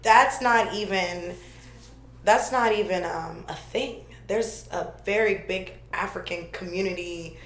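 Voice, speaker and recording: A woman's voice: fairly low pitch, slow pace, a bit bright. A woman guest in casual chat, talkative and laughing often, with many fillers, who grew up in Germany. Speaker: podcast guest. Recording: echoey room.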